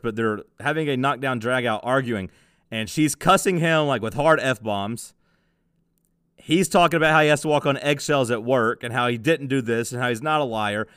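A man's voice: mid-range voice, fairly bright tone, smooth, no echo, clean studio sound. A young man co-hosting a casual podcast, telling a rambling story and laughing easily. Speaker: podcast co-host.

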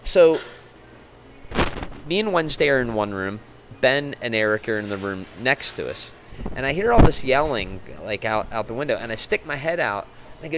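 A middle-aged man telling a long, animated road story as a guest, acting out other people's voices and laughing often. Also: medium pitch, normal speed, pauses often, slight background noise, rough recording. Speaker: musician guest. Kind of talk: casual storytelling.

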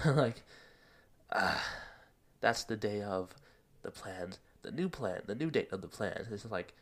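A man's voice: fairly low pitch, lively intonation, slow pace, pauses often, fairly bright tone. A young man hosting a solo podcast, rambling in casual slang, laughing at himself and a bit out of breath. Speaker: podcast host.

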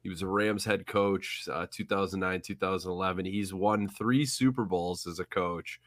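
Low-voiced wry man on a sports podcast. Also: steady tone, normal speed, fairly bright tone, no room sound, clean studio sound. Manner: wry, mocking, slips into silly put-on voices. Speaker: podcast co-host. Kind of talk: casual sports chat.

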